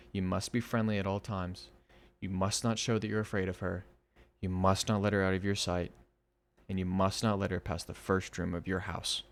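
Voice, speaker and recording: A man with a fairly low voice reads horror stories aloud for his podcast. Between stories he drops into eager, chatty asides aimed at his listeners.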